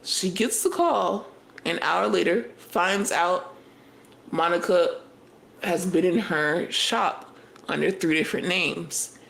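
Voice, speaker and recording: A young woman co-hosting a podcast, recapping a reality show in casual chat, animated and profane, telling the story in bursts. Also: fairly low pitch, takes it slowly, creaky, low-quality recording. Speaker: podcast co-host.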